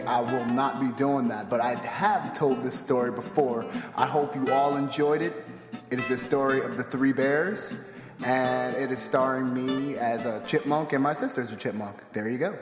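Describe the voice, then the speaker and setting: A man who hosts story time, signing on and off in a loose, joking way with plenty of fillers. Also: mid-range voice. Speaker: storyteller host. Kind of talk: casual comedy intro and sign-off. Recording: echoey hall with loud crowd and music.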